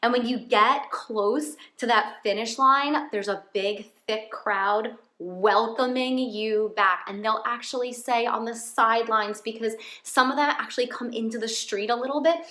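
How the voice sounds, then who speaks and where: A woman's voice: a little high, pushed and bright, reverberant. A woman talking in a casual personal vlog from her home, earnest and heartfelt. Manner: earnest, heartfelt, openly emotional. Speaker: faith vlogger.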